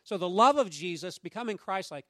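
Middle-aged male pastor, conversational sermon delivery, slightly high voice, dry close mic. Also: fairly quick, dry recording. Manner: conversational and anecdotal, with asides to the congregation; acts out quoted voices in lively raised tones.

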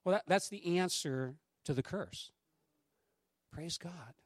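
Middle-aged male pastor, conversational sermon delivery, slightly high voice, dry close mic. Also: slow pace, no room sound. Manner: conversational and anecdotal, with asides to the congregation; acts out quoted voices in lively raised tones.

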